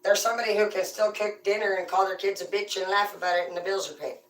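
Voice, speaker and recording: A woman's voice: medium pitch, fairly even intonation, fast talker. A woman hosting a tarot channel, ranting casually with brash, profane, rambling talk. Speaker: tarot reader and host. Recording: echoey room, voice far from the mic.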